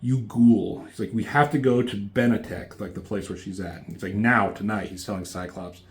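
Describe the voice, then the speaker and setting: A man with a voice on the low side talks at a moderate pace while giving a casual recap and review of a comic book. His delivery is loose and full of swearing, and he raises his voice a bit to read the characters' lines.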